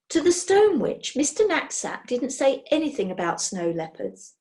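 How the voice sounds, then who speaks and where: A woman reading a children's storybook aloud in an expressive way. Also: high-pitched. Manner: slow, expressive.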